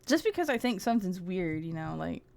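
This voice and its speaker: A woman's voice: fairly low pitch, very animated, fairly quick, creaky, darkish tone, no room sound. A woman streamer in casual, sarcastic livestream commentary, rambling and giggling often.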